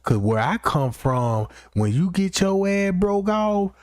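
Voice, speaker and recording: Streamer, male, slightly high voice, dry close sound; loose, rambling comic rant full of profanity. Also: big pitch swings, slow pace, darkish tone, dry recording. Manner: rambling, keeps asking "you know what I'm talking about". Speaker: livestream host.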